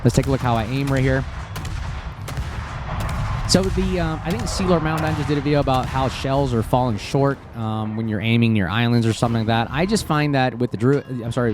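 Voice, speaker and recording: Brief: man, casual game commentator, chatty and excitable, mid-pitched, fillers throughout. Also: slight background noise. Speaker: gameplay commentator.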